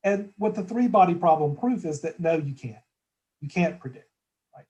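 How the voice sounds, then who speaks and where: A man's voice: on the high side, expressive, normal speed, warm tone, poor audio. A man as a guest in a conversational market discussion, talking thoughtfully with frequent restarts and tag questions.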